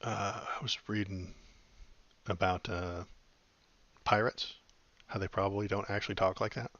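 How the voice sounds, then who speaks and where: A man's voice: lowish voice, fairly even intonation, moderate pace, fairly bright tone, no room sound, highs cut off. A man hosting a podcast in casual chat, rambling and wry with lots of fillers. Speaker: podcast host.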